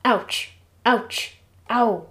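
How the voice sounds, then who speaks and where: A woman voicing a dramatic, excitable young Martian who groans, yelps and whines. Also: medium pitch, moderate pace, natural voice. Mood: complaining. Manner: melodramatic, groaning and yelping.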